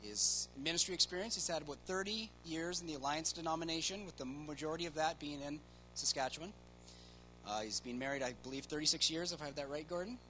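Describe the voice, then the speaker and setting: A man's voice: a little high, fast, pushed and bright, slight background noise, poor audio. A man in church introducing the guest preacher, a little hesitant. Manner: hesitant, with fillers. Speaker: church member introducing the speaker. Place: church sanctuary.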